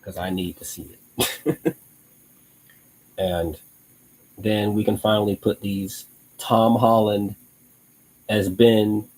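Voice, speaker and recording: A man's voice: fairly low pitch, flat delivery, takes it slowly, long pauses, a little mellow, poor audio. A young man hosting a live online show, chatting casually in a rambling way with frequent restarts and laughs. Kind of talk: casual live-stream chat.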